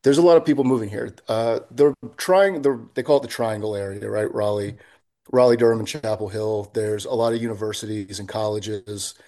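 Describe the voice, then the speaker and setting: A man in casual chat, telling his stories in a relaxed, easygoing way. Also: lowish voice, fairly quick.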